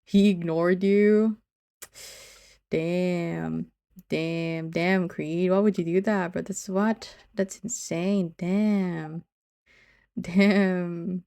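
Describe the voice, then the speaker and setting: A woman's voice: on the low side, fairly even intonation, extremely slow, gravelly, warm tone, clear, resonant tone. A woman streamer chatting casually with her viewers in a teasing, giggly way, often saying she's only kidding.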